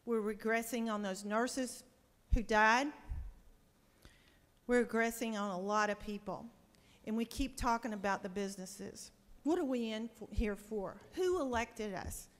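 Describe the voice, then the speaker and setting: A woman state senator gives an impassioned floor speech, pleading and asking rhetorical questions. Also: fairly high pitch. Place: large legislative chamber. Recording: long reverb of a large chamber.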